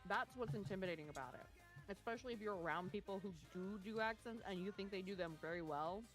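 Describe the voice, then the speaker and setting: Bright-voiced, lively casual streamer. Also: mid-range voice, soft background music. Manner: lively, swearing, quick to laugh. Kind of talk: casual chat.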